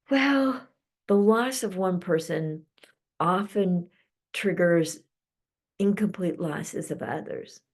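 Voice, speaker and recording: A middle-aged woman hosting a live-streamed psychic channeling session, speaking slowly and soothingly and drifting into soft whispers. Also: on the low side, creaky, husky.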